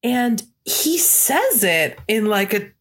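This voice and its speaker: A woman in casual movie-review banter, her voice lively and swooping, with a husky, breathy edge. She talks in an unhurried way, laughs often and swears freely. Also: mid-range voice. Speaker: podcast co-host.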